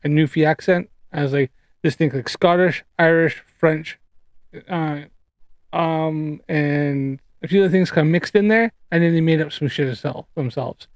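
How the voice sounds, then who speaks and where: A man's voice: on the high side, normal speed, dry recording. Exasperated, swearing man ranting on a livestream. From Canadian prairies. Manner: profane, exasperated, rambling. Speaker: streamer debunking flat earth claims. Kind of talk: casual livestream rant and chat.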